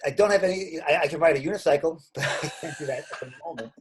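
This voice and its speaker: A man's voice: on the high side, a crowd in the background. A middle-aged man answers interview questions casually, often restarting and correcting himself mid-sentence. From Staten Island, New York. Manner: halting, with frequent restarts and self-corrections. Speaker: interview guest, comedian.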